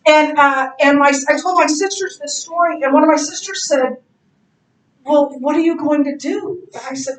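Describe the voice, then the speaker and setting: A middle-aged woman teaching a Bible class in a casual, animated way, telling stories and laughing easily. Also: sits high, normal speed, slight background noise. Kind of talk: casual classroom lecture with anecdotes. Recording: echoey classroom, distant mic.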